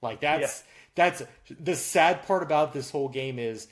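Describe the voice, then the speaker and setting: Talking football results on a sports podcast he co-hosts, this man keeps it casual, leaning on fillers and often restarting. He speaks at normal speed in a fairly high voice.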